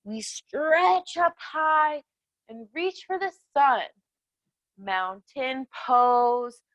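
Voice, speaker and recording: Young woman, kids yoga instructor; high, unhurried, sing-song and encouraging, dry close sound. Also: fairly bright tone, no room sound, highs cut off. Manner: cheerful, encouraging, sing-song cues to children. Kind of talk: guided kids yoga class. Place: outdoors in a yard.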